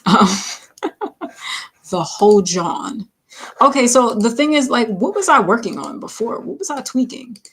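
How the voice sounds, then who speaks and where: A woman's voice: on the high side, big pitch swings, moderate pace, a bit bright, slightly rough. A woman singer chatting casually on a livestream while mixing her own vocals, laughing often and saying "like" a lot. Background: faint music playback.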